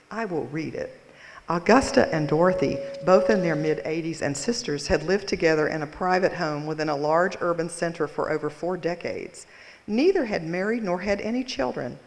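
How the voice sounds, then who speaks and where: This keynote speaker has a gravelly, medium-pitched voice. Inside a big conference hall full of roomy reverb, the presenter tells a story with dramatic, self-deprecating wryness and then reads out a case.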